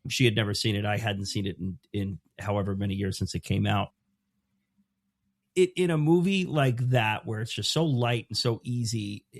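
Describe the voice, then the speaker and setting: Man telling an animated story. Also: on the low side, no echo, clean studio sound. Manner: animated storytelling with many restarts; acts out quoted voices. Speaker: podcast guest. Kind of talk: casual podcast chat.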